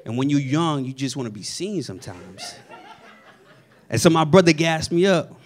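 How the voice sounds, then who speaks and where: Animated New York comedian on stage. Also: male voice, on the high side, moderate pace. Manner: animated storytelling, loud punchlines, acts out family members. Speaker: stand-up comedian. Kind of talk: stand-up set. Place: comedy stage before a live audience. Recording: audience laughter behind.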